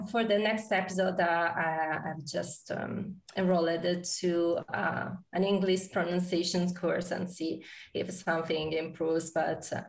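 A woman with an Italian accent, co-hosting a casual podcast, halting and self-deprecating, often laughing. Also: fairly low pitch, fairly even intonation, gravelly. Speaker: podcast co-host. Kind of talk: casual chat. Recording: roomy, distant from the mic.

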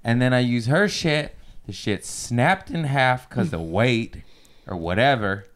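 A man's voice: mid-range voice, unhurried. A man hosting a casual podcast chat, telling a long anecdote with lots of swearing. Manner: animated, profane anecdote-telling. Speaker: podcast host.

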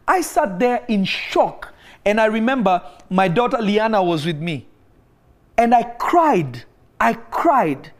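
A man with a high, sing-song voice preaches slowly to an online congregation. Telling a story of healing, he exhorts listeners with repeated, emphatic phrases and sometimes bursts into praying in tongues.

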